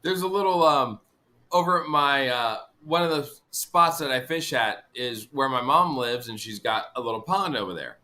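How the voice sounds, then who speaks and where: Bright animated man spinning fishing yarns. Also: medium pitch, moderate pace. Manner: animated, swearing anecdote teller. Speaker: fishing guide guest. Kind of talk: casual storytelling chat.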